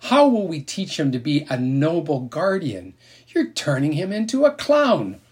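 A man voicing a lively, imaginative young girl who talks in a playful, grand make-believe way. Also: a little high, measured pace, pitched above the performer's own voice. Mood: amused.

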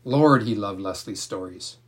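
A man narrating a novel aloud in a calm, measured storytelling manner. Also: fairly low pitch, breathy edge. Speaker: audiobook narrator.

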